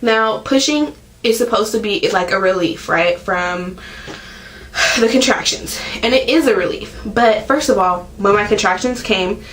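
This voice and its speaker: A young woman talks to her camera in a loose, chatty vlog. She leans on "like" constantly and jumps into loud bursts when she acts out her own screams. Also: mid-range voice, slight background noise, low-quality recording. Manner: chatty, fills every pause with "like". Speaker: vlogger. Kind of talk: casual storytelling to camera.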